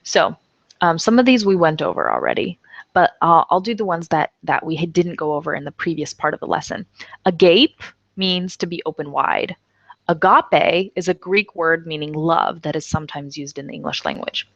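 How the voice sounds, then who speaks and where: A woman's voice: sits low, animated, normal speed, gravelly, no echo. A woman teaching an English lesson in a casual way, reading example sentences aloud and explaining them. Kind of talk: online language lesson. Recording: dull, dry lo-fi recording.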